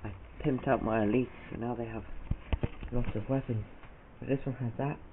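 A man's voice: medium pitch, fairly even intonation, normal speed. A man, vlogging in a playful, rambling chat to camera. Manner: playful, rambling, goofy asides. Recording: tinny lo-fi camera audio with loud hiss.

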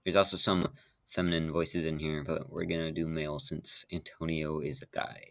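A man's voice: rumbling low, little pitch movement, moderate pace, creaky, no room sound. A man chatting in a rambling casual vlog, with many fillers and restarts. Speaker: YouTuber.

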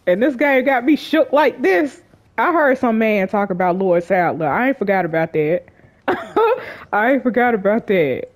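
Woman gaming YouTuber, high voice with wide swings, slangy and jumpy, unhurried pace. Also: big pitch swings. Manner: jumpy, exclaiming and laughing nervously; chatty and slangy, addressing viewers as y'all. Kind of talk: casual gameplay commentary.

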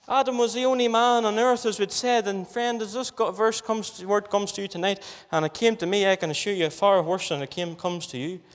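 A man preaching with earnest, pleading insistence, pressing the same questions again and again. His voice sits high. The sound carries a long reverb from a church hall. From Northern Ireland. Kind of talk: gospel sermon.

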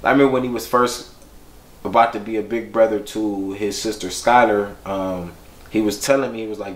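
A man with a fairly low voice talks through memories in a relaxed, slangy, heartfelt way. His words carry a noticeable roomy echo, like a documentary interview recorded in an open space. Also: fairly quick. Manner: casual, reflective, heartfelt, slangy. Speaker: bereaved father recalling his son. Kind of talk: documentary interview, personal storytelling.

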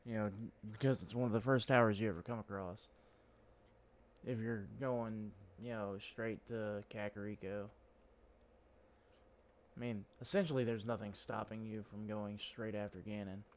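A lowish-voiced gaming channel host talks at normal speed with fairly even intonation while playing a video game. His casual let's-play commentary is chatty, rambling and self-deprecating.

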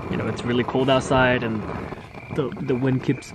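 A man's voice: mid-range voice, flat delivery, normal speed. A young man co-hosting a vlog in a playful, chatty way, talking outdoors at a campsite. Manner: playful, chatty, many likes. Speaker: vlog co-host. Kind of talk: casual chat. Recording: noisy outdoor wind.

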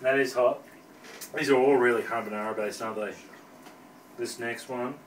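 A man's voice: medium pitch, steady tone, normal speed. A man hosting a casual hot sauce tasting and chatting with friends about the heat. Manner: coughing, eyes watering from spice. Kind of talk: casual chat while tasting. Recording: echoey room, from far off, faint noise.

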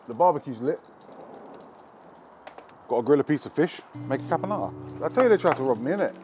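A man's voice: mid-range voice, background noise. A man hosting a cooking show, talking casually and cheekily to camera with plenty of swearing, cooking at an outdoor barbecue.

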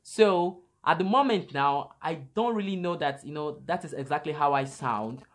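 A man's voice: a little high, normal speed. A young man from Nigeria, talking casually to camera as a vlogger, rambling and filling his talk with "you know". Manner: rambling, leans heavily on "you know" fillers.

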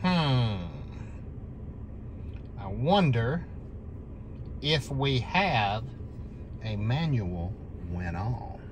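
A scratch-off lottery host, calling out numbers as they scratch and breaking into excited shouts at wins. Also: mid-range voice, very slow, pauses often, noisy background.

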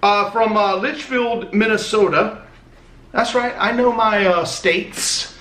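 Man, high-pitched voice, casual fan-mail vlog, rambling and profane, echoey room. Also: takes it slowly, a bit bright. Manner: chatty, rambling, swears casually. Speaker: vlogger opening fan mail. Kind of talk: casual chat.

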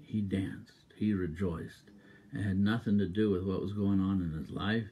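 A man preaching a sermon as a minister, exuberant and emphatic, repeating exhortations and breaking into loud rhythmic laughter. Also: low-pitched, steady tone, measured pace, breathy edge, muffled recording.

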